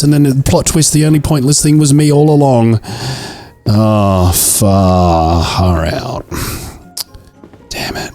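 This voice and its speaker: A man's voice: mid-range voice, normal speed, warm tone. A young man giving let's-play commentary, jokey and mock-dramatic about his own failures, with faint game music behind him. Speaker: gaming video creator.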